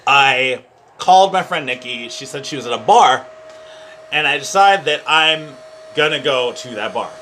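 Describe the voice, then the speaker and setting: Bright-voiced young man telling a rambling story. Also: medium pitch, moderate pace, slight background noise. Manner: rambling, animated, heavy use of "like". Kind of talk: casual comedic storytime.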